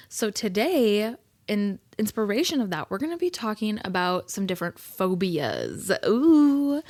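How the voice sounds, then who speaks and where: A woman's voice: mid-range voice, no echo. A woman, hosting a casual solo podcast in a chatty, giggly way with lots of fillers. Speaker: podcast host.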